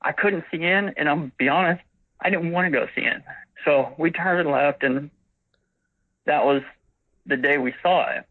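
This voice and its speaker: A man's voice: fairly high pitch, moderate pace, long pauses. Man telling a story over a tinny phone. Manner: rambling, acts out quoted dialogue. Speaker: witness caller.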